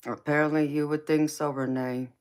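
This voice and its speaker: A woman with a Southern accent and a low, deep voice, chatting casually on a live stream as a tarot reader. She is easygoing, laughs often and calls her viewers honey and baby. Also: level tone, normal speed, a little mellow, smooth.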